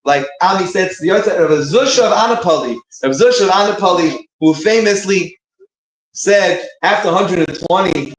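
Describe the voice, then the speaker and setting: Man with a fairly high voice, giving an informal, rambling talk; echoey room. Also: a little fast. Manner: rambling, searching for words, many restarts. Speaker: speaker giving a short talk between prayers. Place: synagogue room.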